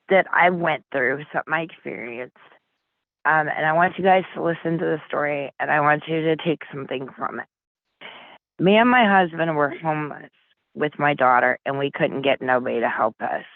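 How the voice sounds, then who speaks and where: A woman's voice: low-pitched, normal speed, no echo. A woman guest telling her story over the phone, blunt and earnest, swearing casually. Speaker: interview guest. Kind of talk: emotional personal storytelling. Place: Flint, Michigan. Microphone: phone call. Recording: tinny phone line.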